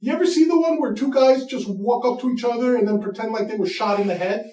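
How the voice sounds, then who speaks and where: A man's voice: very high voice, quick pace, dark tone. Ranting, profane man in an echoey room. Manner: profane, mocking, emphatic. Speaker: comedy show host. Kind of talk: comedic rant. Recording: echoey room, mic far off.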